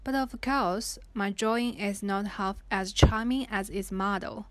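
A woman reading a book aloud and explaining it in a careful, unhurried way with pauses and fillers. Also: mid-range voice, no echo. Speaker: reader and explainer.

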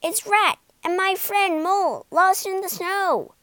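A woman's voice: a little high, expressive, slow, fairly bright tone, no room sound. A woman voicing a loyal, anxious male water rat who talks with worry. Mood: urgent.

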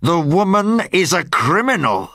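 A man's voice: fairly low pitch, very animated, slow pace, a bit bright, no room sound, studio quality, exaggerated voice. A man voicing a hard, cold police inspector in an audiobook, speaking stern and clipped. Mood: angry. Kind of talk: graded-reader audiobook.

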